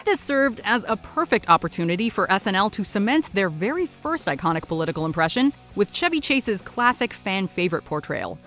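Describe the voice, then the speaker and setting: A woman's voice: medium pitch, sing-song, brisk, few pauses, a bit bright, faint music behind. A woman giving scripted, upbeat narration for a countdown video.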